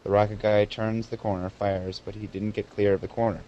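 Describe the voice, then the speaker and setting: Teen male co-host, lowish voice, rambling and giggly, with faint background noise. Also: flat delivery, a little fast, mellow, lo-fi sound. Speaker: podcast co-host. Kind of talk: casual chat, reading voicemails.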